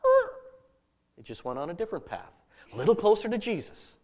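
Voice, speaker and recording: Male pastor mid-sermon; lively and expressive, chatty delivery that turns soft and earnest. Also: high-pitched, fast, big-room sound. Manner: animated, conversational preaching that drops to soft, earnest tones.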